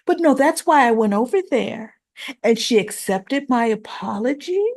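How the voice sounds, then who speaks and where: A woman's voice: fairly high pitch, animated, moderate pace, vocal fry, darkish tone. Chatty woman retelling soap scenes. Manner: retells scenes as quoted dialogue, "she goes, he goes"; chatty, asides to viewers. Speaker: soap opera recap host. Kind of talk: casual recap vlog.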